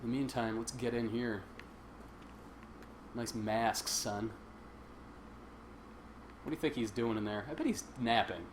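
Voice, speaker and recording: A man hosts a casual game stream, joking, chatting, and laughing often as he plays and comments. His voice is medium in pitch, his pace a little slow with frequent pauses, and faint game sound plays in the background.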